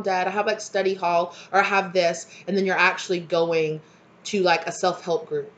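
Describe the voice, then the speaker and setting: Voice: medium pitch, fairly bright tone, muffled recording. A tarot reader giving a casual collective reading, rambling through many fillers in an earnest, encouraging way. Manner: rambling, frequent fillers and "you know".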